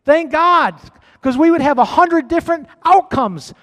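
A man's voice: extremely high pitch, expressive, a little slow, a bit bright. A man preaching a sermon as pastor in a church, building emphasis through repetition. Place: church sanctuary. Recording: long hall reverb.

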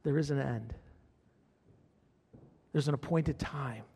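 A man's voice: medium pitch, slow pace, gravelly, darkish tone, husky, long reverb tail. A man preaching a sermon as pastor, fervent, repeating his phrases and calling out to the congregation.

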